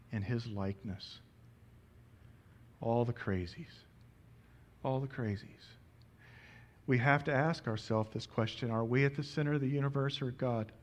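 A man in his forties, a pastor preaching a sermon, telling a lively personal story and acting out the dialogue. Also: mid-range voice, muffled recording.

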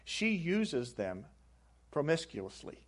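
Male pastor, sermon, fairly high pitch, reads from a book with stressed phrases. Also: very animated, takes it slowly. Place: church sanctuary.

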